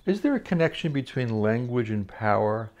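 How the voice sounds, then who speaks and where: A woman with an exceptionally deep voice hosts an interview. She gushes praise at her guest and fills each pause with warm little sounds of agreement. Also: sing-song, a loud crowd. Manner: effusive, encouraging backchannels. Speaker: talk show host.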